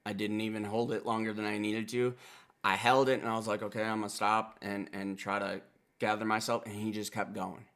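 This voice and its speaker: A man from Wisconsin with a gravelly, fry-laced voice breaks down a song for his channel. His delivery is casual and profane, swinging between quiet asides and excited outbursts. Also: on the low side, brisk. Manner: blunt and profane, excitable, talks in bursts. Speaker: music reaction host. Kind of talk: casual reaction commentary.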